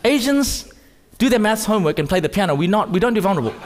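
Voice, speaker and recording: A man preaching a sermon, swinging between loud, urgent rises and quiet, intimate drops. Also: high voice, animated, fast talker, a little hiss or hum. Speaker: pastor. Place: church hall. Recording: long hall reverb.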